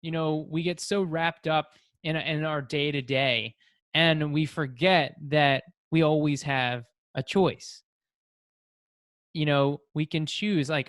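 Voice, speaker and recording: Upbeat higher-voiced man hosting. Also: steady tone, slow pace, fairly bright tone, dry recording, studio quality. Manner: enthusiastic, laughs often, fills with "like". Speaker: podcast host. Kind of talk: casual podcast interview.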